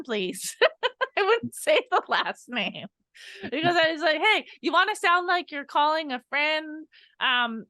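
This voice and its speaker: A young adult woman co-hosting a sales podcast, upbeat and energetic, laughing often as she coaches. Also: sits high, no echo.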